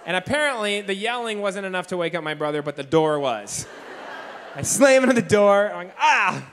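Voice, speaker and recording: A young man giving a motivational speech in a large room, telling a story in a lively, casual way, often saying "like" and acting out what he once said. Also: high-pitched, fairly quick, a little hiss or hum. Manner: animated storyteller, heavy use of "like", acts out his own past lines. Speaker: keynote speaker.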